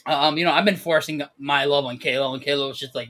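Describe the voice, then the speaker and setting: A man co-hosting a casual podcast, telling stories in a slangy, animated way full of fillers. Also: fairly high pitch, fast. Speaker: podcast co-host. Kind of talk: casual chat.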